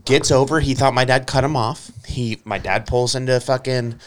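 A man's voice: mid-range voice, steady tone, moderate pace, smooth. A man hosting a podcast, telling a rambling, profanity-heavy story and laughing often. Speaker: podcast host. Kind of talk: casual podcast chat.

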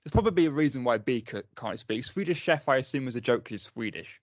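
A man's voice: medium pitch, animated, quick pace, no echo. A man co-hosts a casual film chat, offhand and agreeable, often answering in a word or two. His voice sits in the middle range for a man. The sound is dry and close to the mic. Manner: offhand, agreeable, brief replies. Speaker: podcast co-host.

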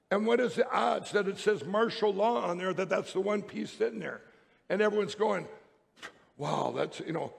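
Gravelly man speaking in a reverberant hall. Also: sits high. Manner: rambling, emphatic storytelling with many restarts. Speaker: public speaker. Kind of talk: speech to an audience.

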